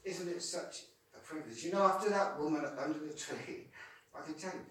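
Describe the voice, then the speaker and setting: A man's voice: on the high side, normal speed. Man testifying from the pulpit, stumbles over repeated words, heard far off in a big echoey room. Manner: repeats words often while telling a story. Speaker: Christian street evangelist. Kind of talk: testimony storytelling.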